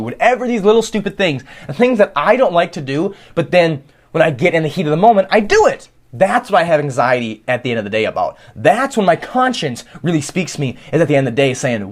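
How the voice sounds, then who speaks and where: A man hosting his own podcast, rambling through a casual, profane monologue. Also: on the high side. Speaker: podcast host.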